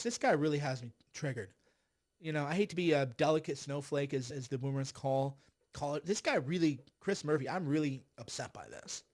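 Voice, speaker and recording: A man riffing through a livestream of political commentary. His voice sits noticeably high, and he keeps circling back in a heated, sarcastic ramble. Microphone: streaming setup.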